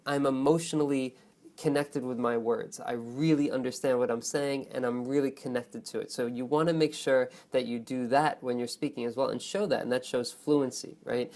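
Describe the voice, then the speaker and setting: Expressive man teaching a speaking lesson. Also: mid-range voice, normal speed. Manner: expressive, stretches key words for emphasis; friendly, often checks in with "right?" and "okay?". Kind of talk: online lesson on test speaking.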